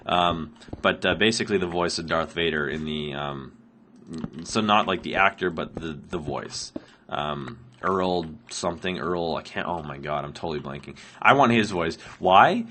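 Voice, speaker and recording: A man's voice: deep voice, normal speed, sharp tone, a little hiss or hum. A man who is sick, answering viewer questions while playing a block-building game, rambling with many ums and laughs. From Canada. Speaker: Minecraft let's player answering viewer questions. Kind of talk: casual gameplay commentary.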